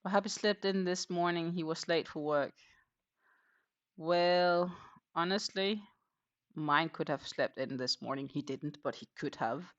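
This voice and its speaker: A crochet livestream host chatting casually while working, rambling with lots of hesitations and quietly counting stitches. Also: mid-range voice, measured pace, highs cut off. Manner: rambling and hesitant, many fillers, counts stitches under breath.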